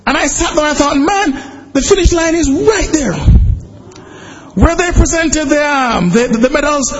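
A man, a pastor telling a lively personal story during a sermon and shouting at its most excited points. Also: extremely high pitch, dull audio. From Jamaica. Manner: animated storytelling, bursts into shouting when excited.

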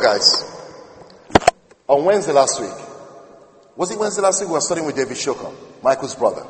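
High-voiced male preacher, echoey hall. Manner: conversational, with asides to the congregation. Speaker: minister. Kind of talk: sermon. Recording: echoey hall with long reverb.

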